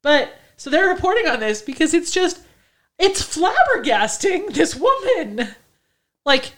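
A woman co-hosting a podcast, talking in an animated, profane way with laughing asides. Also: high-pitched, measured pace. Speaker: podcast co-host. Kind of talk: casual chat, reading a story aloud.

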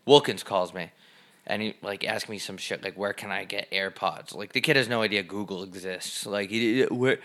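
Young man, podcast co-host, bright voice, lively storytelling, swears a lot. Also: fairly low pitch, moderate pace. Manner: animated storyteller, swears, acts out quotes loudly. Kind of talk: casual storytelling chat.

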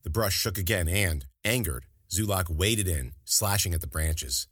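A man narrating a fantasy story as an audiobook in an expressive, dramatic reading. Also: low-pitched, a little slow, slightly rough, dry recording, studio quality.

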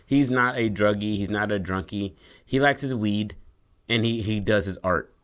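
A man chatting casually on a podcast, pitching a story idea in loose, slangy, profane language. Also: moderate pace, a bit bright.

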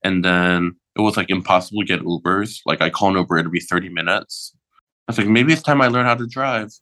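A man in his thirties from Michigan, a drag performer chatting as a podcast guest, relaxed with many ums and laughs. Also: deep voice, fast talker. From Michigan, USA. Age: 30s. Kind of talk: casual podcast chat.

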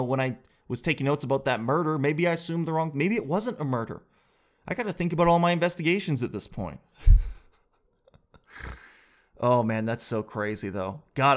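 A man in his thirties hosting a podcast, telling a comic story in a loose, animated way and calling his listeners dude and guys. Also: mid-range voice. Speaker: podcast host. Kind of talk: casual comedic monologue.

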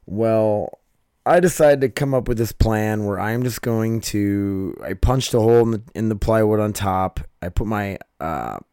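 A man's voice: lowish voice, measured pace, warm tone, clean tone, no room sound, clean studio sound. A man hosting his own podcast, talking casually and rambling with a scratchy, strained throat, swearing and cutting himself off. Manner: rambling, profane, self-interrupting. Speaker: podcast host. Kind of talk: casual late-night monologue.

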